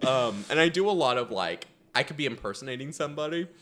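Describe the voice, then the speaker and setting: A man talks as a podcast guest, his voice bright and edged with a little tension. His pitch swings widely as he rambles, stacking fillers and restarts. He pokes fun at himself between stories. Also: lively intonation, fast talker. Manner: rambling, filler-heavy, self-deprecating. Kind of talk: casual chat.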